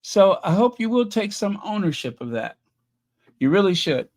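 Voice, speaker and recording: A man hosting a casual livestream, chatting with viewers in a mocking, rambling way full of pauses and fillers. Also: high-pitched, sing-song, darkish tone. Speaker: channel host reading super chats.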